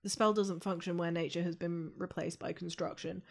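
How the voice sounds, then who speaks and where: A woman's voice: fairly low pitch, fairly even intonation, moderate pace, creaky. Chatty woman playing a tabletop game. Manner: chatty, rambling, lots of "like" and "um". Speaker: player.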